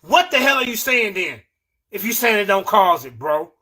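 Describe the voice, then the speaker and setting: A man hosts a heated livestream debate. His voice sits very high and sounds bright and forceful. He scolds his guest and repeats words to hold the floor. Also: big pitch swings, moderate pace. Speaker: show host.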